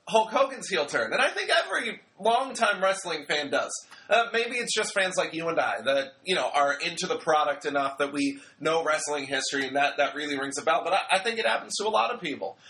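A young man talks through a wrestling episode in a loose, rambling way, cracking jokes and slipping into quick impressions of what people said. His voice sits a little high and sounds bright and forward. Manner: chatty, rambling, joking, acts out quotes. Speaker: wrestling show reviewer. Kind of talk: casual recap commentary.

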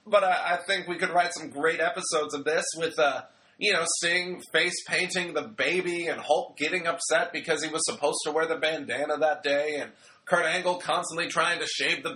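A man's voice: fairly high pitch, pushed and bright. A young man casually recapping a wrestling show, rambling and joking and acting out bits of dialogue. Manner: chatty, rambling, joking, acts out quotes.

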